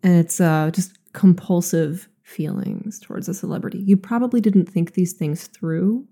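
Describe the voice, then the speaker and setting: Woman podcast cohost, slight lisp, swears a lot, warm low-ish voice, lots of uh and like. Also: moderate pace, creaky. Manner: blunt and profane, lots of filler words. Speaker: podcast co-host. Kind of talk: casual chat.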